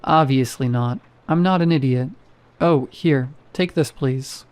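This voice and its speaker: A deadpan male security guard who sounds like nothing in the world matters to him, as a male narrator reads him. His voice is mellow and dark-toned, delivered in a flat monotone that stays almost bored. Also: medium pitch, measured pace, clean tone, lightly acted.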